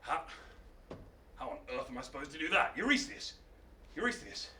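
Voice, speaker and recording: A man playing the young hero Hercules, impatient and exasperated, shouting and pleading. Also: a little high, very animated, moderate pace, recorded from a distance, a little hiss or hum, voice pushed down, heavily acted. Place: arts centre stage, live show. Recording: roomy hall, mic from afar.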